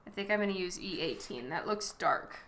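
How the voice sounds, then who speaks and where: A woman's voice: lowish voice, animated, a little fast, a bit bright, echoey room. A woman chatting casually with her live-stream audience while she works, laughing often and reacting to messages. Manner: giggly, reacts to chat with frequent laughter. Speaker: livestreaming artist.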